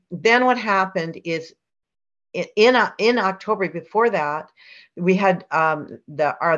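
A woman's voice: on the low side, fairly bright tone. A middle-aged woman telling a story as an interview guest, chatty and rambling with fillers and restarts. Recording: dull lo-fi sound.

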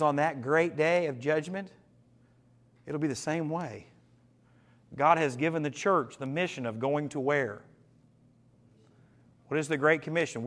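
Man pastor, earnest Bible study teacher, slightly high voice, slows down for emphasis. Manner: earnest, slows down and drops his voice for emphasis, asks the group questions.

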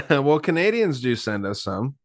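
A man's voice: medium pitch, sing-song, measured pace, no room sound, clean studio sound. A man co-hosting a podcast, laid-back and blunt in casual chat. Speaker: podcast co-host.

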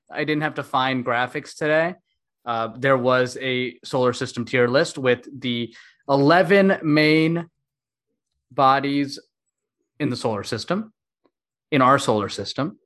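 A man's voice: medium pitch, a bit bright. Chatty male podcast host. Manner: chatty, self-deprecating, laughs often. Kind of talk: casual podcast chat.

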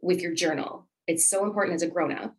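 Breathy, lower-voiced middle-aged woman. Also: quick pace, low-quality recording. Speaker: podcast co-host. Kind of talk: casual conversation about parenting. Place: home office.

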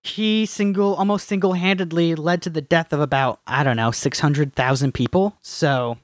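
A man's voice: on the high side, moderate pace, no room sound, clean studio sound. A man co-hosting a podcast, chatting casually in a blunt, profane and enthusiastic way. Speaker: podcast co-host. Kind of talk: casual chat.

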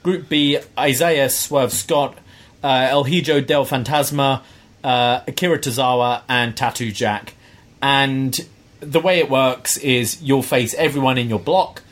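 A man's voice: mid-range voice, fairly even intonation, unhurried, a bit bright. A man with a British accent co-hosting a wrestling review podcast, explaining things in an easygoing, chatty way. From Britain. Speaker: podcast co-host. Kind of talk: casual wrestling review chat.

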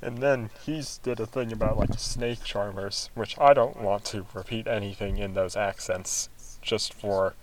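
A man's voice: fairly low pitch, steady tone, moderate pace, slight background noise, low-quality recording. Joking man on a casual podcast. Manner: joking, laughs through his sentences. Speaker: podcast guest. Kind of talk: casual chat reviewing a movie.

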